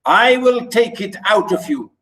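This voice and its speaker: A man voicing a scornful, abusive father who shouts taunts at his educated son, read aloud in a lesson. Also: expressive, unhurried, poor audio. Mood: shouting taunts. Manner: shouting, taunting, high and strained. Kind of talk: dramatic reading aloud.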